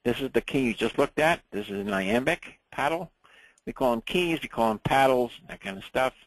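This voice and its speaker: A man teaches a ham radio class in a loose, conversational way, checking in with his listeners as he goes. His voice has a rough, gravelly texture, and the sound is dry and close. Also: mid-range voice, normal speed, dry recording, poor audio. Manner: relaxed, chatty, checks in with "right?" and "okay?".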